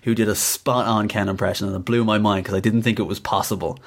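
Low-voiced chatty male interviewer. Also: level tone, quick pace. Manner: chatty, laughs easily, many fillers. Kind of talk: casual interview chat.

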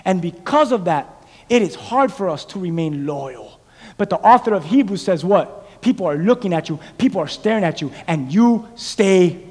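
A man preaching a sermon, calling on the congregation and swinging from loud exhortation to hushed storytelling. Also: high-pitched, lively intonation, moderate pace. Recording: live in a reverberant hall.

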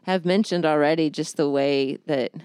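A woman, co-hosting a casual faith discussion and telling stories with lively acted-out quotes. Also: sits low, moderate pace, smooth, no echo, studio quality. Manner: animated storyteller, acts out quotes. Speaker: podcast co-host.

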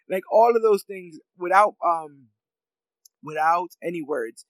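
A man's voice: high-pitched, measured pace, no room sound, low-quality recording. A man in casual chat, rambling with many fillers and laughs as he talks through a favorite scene.

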